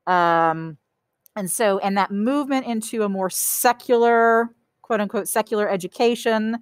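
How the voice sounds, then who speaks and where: A woman's voice: medium pitch, unhurried, smooth, no echo. A woman teaching an art history lecture in a conversational way, often checking in with "okay?" and "right?" and repeating key points for emphasis. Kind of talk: recorded lecture.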